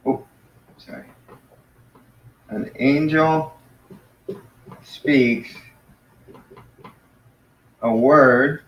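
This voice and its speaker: Male teacher, casual classroom lesson, patient, slows down on key words; roomy sound, mic set back. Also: mid-range voice, lo-fi sound. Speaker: Greek teacher. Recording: echoey room, mic far off.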